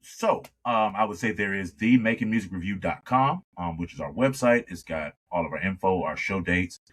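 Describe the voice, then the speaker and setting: A man from New York, a singer and radio host, chatting as a podcast guest and telling lively stories, with frequent agreeing "yeah"s. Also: low-pitched, normal speed. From born in New York. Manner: lively storyteller, steady stream of agreeing "yeah"s. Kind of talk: casual conversation.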